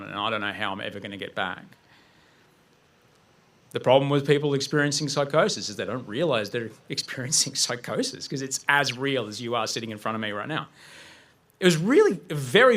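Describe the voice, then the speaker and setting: Man, guest speaker, personal story on stage, bright tense voice, vivid storyteller. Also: mid-range voice. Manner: vivid storyteller, acting out his own panic.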